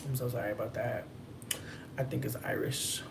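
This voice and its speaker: A woman in her thirties chatting casually on a livestream and answering chat, playful and profane, with drawn-out emphasis. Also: a bass voice, fairly even intonation, gravelly, noisy background. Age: 30s.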